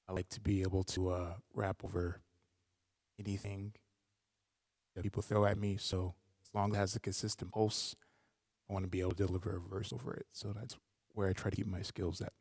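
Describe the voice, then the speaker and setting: A rapper hosting a live stream, casually answering viewer questions and explaining rap technique with many "like" fillers. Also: male voice, level tone, moderate pace, pauses often, darkish tone, no room sound, studio quality, in a large hall. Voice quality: gravelly low voice. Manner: loose, conversational, many "like" fillers.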